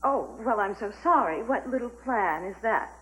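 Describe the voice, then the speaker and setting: A woman's voice: medium pitch, lively intonation, moderate pace, lightly acted, poor audio. An actress playing a proud, cold woman in a 1980s TV soap, icy and cutting.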